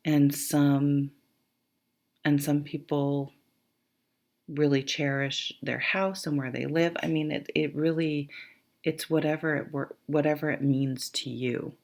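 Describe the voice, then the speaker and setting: Low, gravelly-voiced tired woman reading tarot. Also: steady tone, takes it slowly, a little mellow. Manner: rambling, thinking aloud with many fillers; laughs and swears casually. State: tired, yawning. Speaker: tarot reader.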